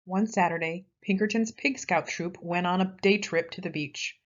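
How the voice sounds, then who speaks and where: A woman reading a children's picture book aloud in a lively, expressive way. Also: on the low side, moderate pace. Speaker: storyteller. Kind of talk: children's story read-aloud. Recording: slightly dull lo-fi audio.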